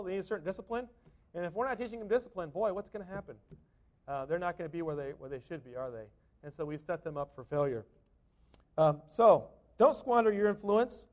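A man's voice: a little high, a little mellow. A middle-aged man preaching a conversational sermon as a pastor, often ending points with rhetorical tag questions.

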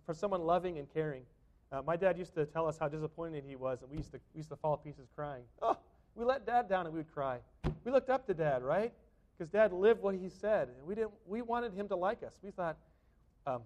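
A man's voice: on the high side, darkish tone. A middle-aged man preaching a conversational sermon as a pastor, often ending points with rhetorical tag questions.

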